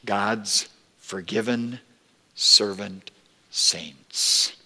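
Slow, gravelly-voiced male preacher. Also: lowish voice, bright, forceful tone, long reverb tail. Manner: slow, deliberate preaching with emphatic rising quotes. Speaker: pastor. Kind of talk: sermon. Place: church sanctuary.

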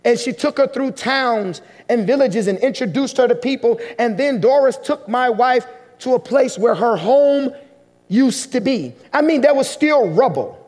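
This male pastor's voice is remarkably high and a touch mellow as he shares a moving story from the pulpit. Long church-hall reverb surrounds him, and he eases his pace, pausing to let feeling land.

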